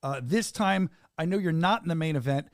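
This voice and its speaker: A man's voice: a little high, dry recording, studio quality. A man hosting a fight podcast, interviewing a fighter in an upbeat, hype-man style. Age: adult with two children. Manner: upbeat hype-man talk, quick and repetitive. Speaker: podcast host and fight announcer. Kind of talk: casual interview chat.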